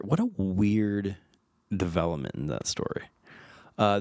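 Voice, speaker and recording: A man's voice: fairly low pitch, darkish tone, dry recording, studio quality. A man hosting a casual film retrospective, reading trivia aloud and stumbling over names. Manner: reads fun facts aloud, stumbles over names and chuckles. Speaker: podcast host.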